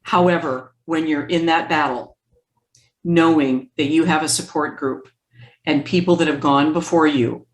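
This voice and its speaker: Brief: low-pitched woman guest, lively anecdotal delivery, echoey room. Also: a little slow. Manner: lively storytelling, acts out quoted speech. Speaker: guest therapist. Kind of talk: conversational interview.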